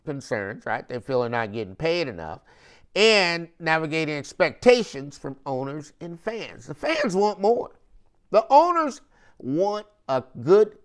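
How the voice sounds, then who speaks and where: A man's voice: on the high side, clear, resonant tone. A man hosting a sports podcast, ranting with emphatic, repetitive rhetorical questions and slangy talk. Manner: slangy, repeats phrases for emphasis. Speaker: podcast host. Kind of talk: opinionated sports commentary monologue.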